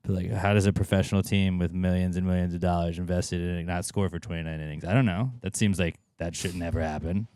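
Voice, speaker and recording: A man co-hosting a podcast, chatting casually in a rambling, animated way and swearing a lot. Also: low voice, fast talker, hardly any pauses, no echo, clean studio sound. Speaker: podcast co-host. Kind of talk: casual chat.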